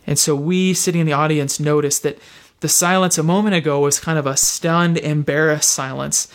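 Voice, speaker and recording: A man's voice: a little high, fairly even intonation. Man preaching a reflective sermon. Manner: reflective storytelling, slow deliberate phrasing with pauses.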